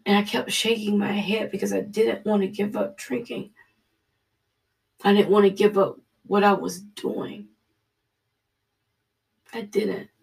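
A Bible study leader reading scripture and telling a personal testimony, earnest and halting, dropping to a hushed voice. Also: medium pitch, flat delivery, creaky, recorded from a distance.

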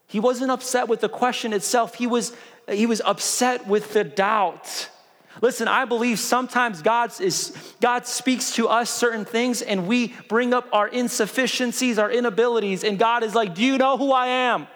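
A pastor delivers a sermon in a conversational, joking way, pressing his points hard. His voice is high for a man. A long reverb fills out the sound, as in a large sanctuary. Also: steady tone, normal speed, fairly bright tone.

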